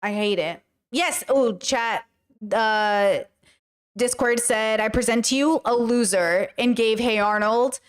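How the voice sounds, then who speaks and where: A woman ranting heatedly to her live chat while reacting to a clip, swearing freely. Her voice sits a little high. She fires questions and talks back to her viewers. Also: takes it slowly, smooth. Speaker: commentary host.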